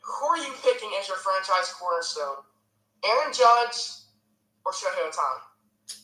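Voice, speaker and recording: A man's voice: high voice, big pitch swings, unhurried, sharp tone, far from the mic. A young man co-hosting a sports podcast, chatting loosely with many likes and sos. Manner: loose, filler-heavy, agreeable. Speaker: podcast co-host. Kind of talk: casual sports talk. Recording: echoey, off-mic.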